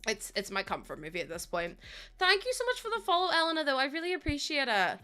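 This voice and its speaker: A woman's voice: high-pitched, sing-song, fast talker, pushed and bright, faint music behind. A young adult woman live streaming, chatting casually with her viewers in a giggly, gushing and emotional way.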